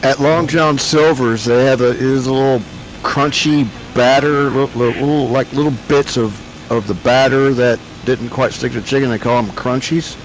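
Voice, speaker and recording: A man's voice: medium pitch, steady tone, moderate pace, slight background noise, poor audio. A man cracking jokes and rambling in casual chat on a game stream. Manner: joking, rambling. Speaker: stream guest.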